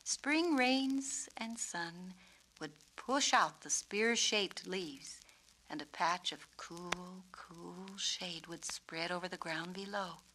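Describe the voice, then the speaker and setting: A woman narrates a children's storybook in a clear, measured, descriptive way. Her voice sits a little low and sounds bright and crisp. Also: a little hiss or hum, low-quality recording. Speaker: author and narrator.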